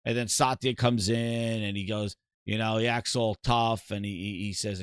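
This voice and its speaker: A man hosting a gaming livestream, talking excitedly and bursting into loud shout-outs to viewers. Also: on the low side, moderate pace, clear, resonant tone, no echo, clean studio sound. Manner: animated, loud bursts when thanking viewers.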